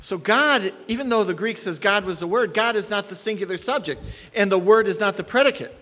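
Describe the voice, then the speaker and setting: A man's voice: high voice, brisk, pushed and bright, long reverb tail. A man preaching an expository sermon as pastor, emphatic, repeating key phrases and checking in with his listeners.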